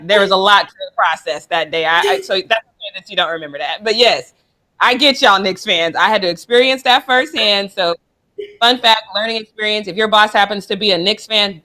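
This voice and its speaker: Woman, bright tone, animated playful sports chat, co-host. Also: mid-range voice.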